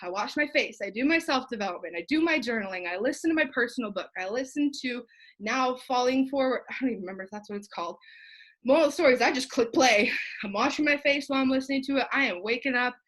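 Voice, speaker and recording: A young woman, sweaty and feverish, gives a fired-up motivational talk to her sales team over live video. Her voice is a little high and a bit bright at a quick pace, and she rambles, jokes, swears casually, and drops in asides and laughs.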